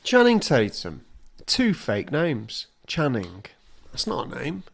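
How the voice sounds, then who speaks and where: A man's voice: mid-range voice, huge pitch swings, takes it slowly, vocal fry, breathy edge. A man co-hosting a podcast, chatting casually with dry, teasing jokes. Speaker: podcast co-host. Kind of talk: casual chat.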